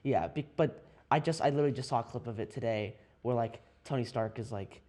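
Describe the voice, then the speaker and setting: A young man hosting a podcast, talking about movies in a casual, animated way with frequent laughs. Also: mid-range voice, brisk. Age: young adult. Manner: animated, laughs often, many restarts. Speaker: podcast host. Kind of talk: casual chat.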